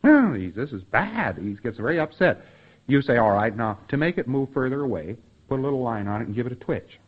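A man's voice: mid-range voice, quick pace. A man giving a spoken lecture to trainees in a folksy way, acting out bits of quoted dialogue and sound effects. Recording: dull, muffled lo-fi recording.

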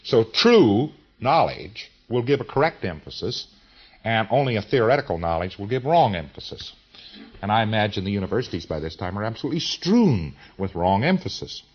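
A man's voice: lowish voice, sing-song, moderate pace, breathy edge, muffled recording. A man giving an informal lecture in a folksy, emphatic way, with slang and repeated phrases.

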